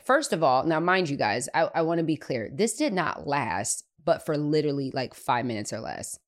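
A woman with a low voice tells a personal story on her podcast. She is chatty and animated and fills her talk with little asides and filler words. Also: normal speed, few pauses. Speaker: podcast host. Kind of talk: casual storytelling.

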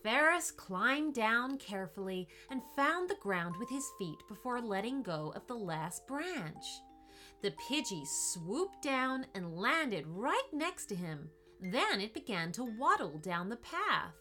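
A woman narrates a children's story in an unhurried, expressive way. Her voice is bright and fairly high, and it rises and falls with lots of life. Soft music plays faintly underneath.

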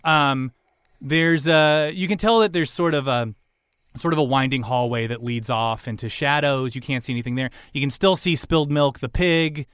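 A man's voice: mid-range voice, normal speed, a bit bright, clear, resonant tone, no echo, studio quality. A man running a tabletop game as game master, narrating in a casual, joking way with lots of fillers.

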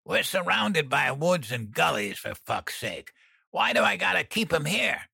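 A drunk, jittery male crook who whines and curses, his voice jumping high when he panics, as a male narrator puts him on. Dry, close sound with no room to it. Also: big pitch swings, measured pace, gravelly, bright, forceful tone, breathy edge, no room sound, heavily acted. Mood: panicked. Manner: whining, panicky, swearing. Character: drunk anxious male drug dealer.

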